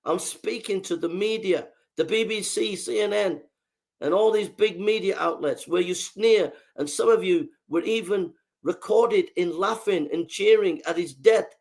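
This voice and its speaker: Gravelly, fiery podcast host. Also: male voice, sits high, moderate pace, a little mellow. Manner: emphatic, fiery, repetitive. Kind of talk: impassioned political monologue.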